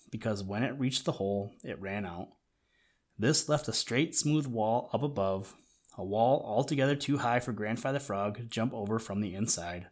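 A man reads a children's story aloud in a gentle, measured way. His voice sits at an ordinary middle pitch for a man. The delivery is calm and even. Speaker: narrator. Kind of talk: storybook reading.

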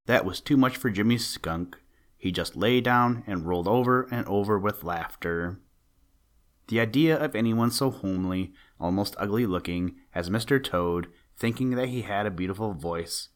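A man narrating a children's storybook in a gentle, even storytelling manner. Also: lowish voice, moderate pace.

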